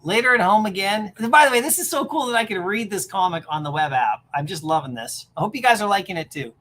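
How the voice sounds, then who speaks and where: A woman streamer reading a comic aloud on a livestream, animated, with chatty asides. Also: fairly low pitch, fast.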